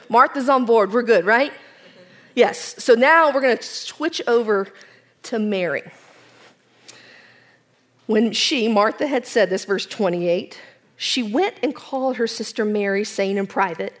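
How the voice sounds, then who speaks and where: A woman preaching a sermon, retelling scripture with dramatic shifts from loud emphasis to near-whispers. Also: fairly high pitch, unhurried. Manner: dramatic, varies volume, drops to whispers.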